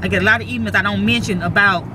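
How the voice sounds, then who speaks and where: A woman's voice: mid-range voice, rapid-fire, noisy background. A middle-aged woman giving blunt, preachy life advice in a casual vlog, repeating her points for emphasis.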